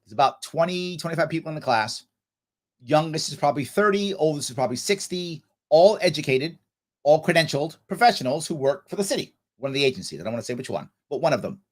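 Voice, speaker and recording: A man's voice: fairly high pitch, animated, fast. A man hosting a casual livestream Q&A, telling stories animatedly and acting out other people's voices. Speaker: livestream host answering viewer questions.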